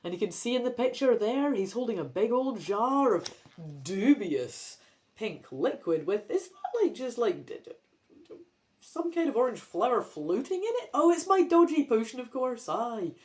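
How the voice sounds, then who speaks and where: A woman's voice: fairly high pitch, big pitch swings, moderate pace, darkish tone. A Scottish woman reading a choose-your-own-adventure book aloud, with playful, self-mocking asides between passages.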